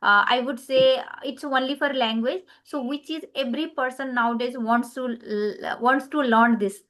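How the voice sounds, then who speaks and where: A woman's voice: high voice, fairly even intonation, normal speed, a bit bright. A woman with an Indian English accent practicing conversation, hesitant, with many fillers and self-corrections. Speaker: English learner.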